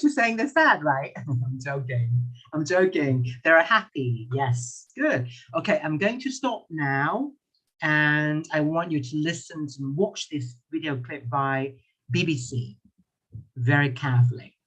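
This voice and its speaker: Husky man teaching English, lively. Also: fairly high pitch. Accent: British English. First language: Thai. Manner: playful, repeats questions slowly, chuckles often. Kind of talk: online class teaching. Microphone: computer mic on a video call.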